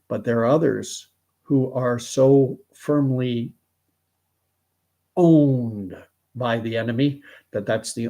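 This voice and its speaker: Pria Kanada usia 60-an, mengobrol santai. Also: male voice, medium pitch, darkish tone. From Canada. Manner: musing, reads viewer names, frequent fillers. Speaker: live-stream host. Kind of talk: casual live-stream chat.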